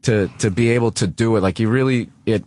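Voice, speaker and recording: A man's voice: fairly low pitch, fairly quick, no echo. Guy in his 40s, swears a lot, worked-up storytelling, dry studio sound. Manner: profane, animated storytelling. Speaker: guest comedian. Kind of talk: casual talk-show chat.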